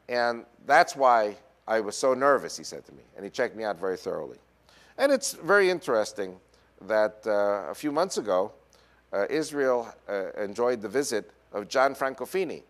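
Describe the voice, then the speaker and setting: Lecturer: a man with a New York accent and a slightly low voice, telling animated stories with many "uh" fillers. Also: normal speed. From New York, USA. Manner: animated storyteller, frequent "uh" fillers. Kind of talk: lecture mixed with personal storytelling.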